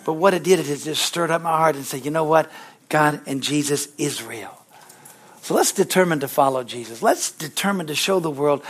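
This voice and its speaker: A middle-aged man preaching with a fairly high voice. He swings between easy storytelling and loud, climbing bursts, throwing "Amen?" at the congregation and talking to the kids in the room. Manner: addresses children in the congregation. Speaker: pastor. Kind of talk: sermon.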